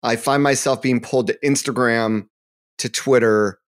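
A man's voice: mid-range voice, fairly even intonation, moderate pace. A man appears as a guest on a live interview show. He speaks earnestly, in a mid-range voice, and gives advice with an occasional filler. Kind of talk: interview answers.

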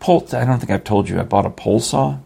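A man's voice: medium pitch, fast, vocal fry, warm tone, husky. An older man co-hosting a show with his wife, chatting casually and rambling with chuckles and restarts. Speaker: podcast co-host. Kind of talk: casual chat.

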